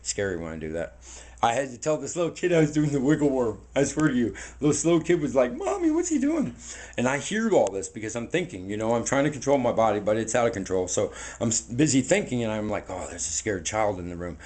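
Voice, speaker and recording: A man's voice: medium pitch, animated, fast, darkish tone. A man in his forties talking casually to a handheld camera while walking outdoors, rambling and earnest, repeating words as he preaches. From United States. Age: 40s. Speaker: vlogger. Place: outdoors on foot. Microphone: handheld camera mic.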